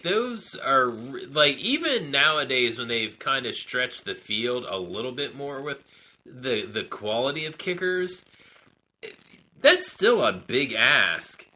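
Male co-host, slow relaxed pace, very bright tone, laid-back chat. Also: mid-range voice, poor audio. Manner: unhurried, chuckling, hedging with fillers. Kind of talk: casual chat.

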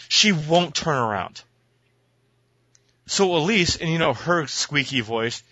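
Brief: man, podcast co-host, animated ranting storyteller, bright voice, dry lo-fi sound. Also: fairly high pitch, takes it slowly, husky, dry recording. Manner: profane, exasperated, acts out voices in his stories. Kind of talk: casual chat, ranting storytelling.

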